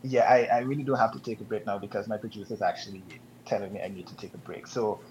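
A man's voice: lowish voice, fairly even intonation, darkish tone. Male talk show host, lo-fi. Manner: measured, with frequent ums. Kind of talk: casual talk show hosting. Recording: dull lo-fi broadcast audio, faint noise.

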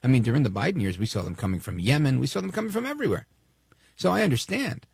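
Animated gravelly male commentator. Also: medium pitch, fast, no room sound. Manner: animated, sarcastic storytelling. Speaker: commentary host. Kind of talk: opinion commentary.

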